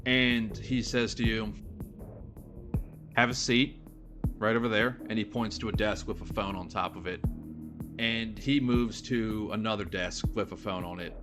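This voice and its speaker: A man narrating as game master of a tabletop horror game, describing scenes in a relaxed way with casual fillers. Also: lowish voice. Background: music.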